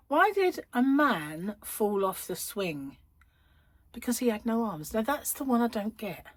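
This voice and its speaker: This is a dry recording of a middle-aged woman with a slightly high, sing-song voice and a somewhat slow pace. She hosts a crochet channel, rambling and laughing often as she chats to camera indoors at home.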